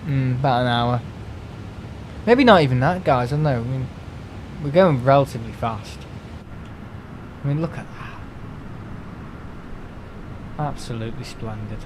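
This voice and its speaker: A man's voice: medium pitch, animated, measured pace, pauses often, slight background noise, poor audio. A young man, chatting casually on a live stream, rambling and grumbling as he talks. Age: young adult. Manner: rambling, grumbling, mimics other people in asides.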